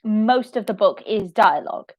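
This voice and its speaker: A woman's voice: mid-range voice, animated, moderate pace. A young woman writing an audio drama podcast, chatting casually through audience questions on a livestream with a giggly, self-deprecating manner.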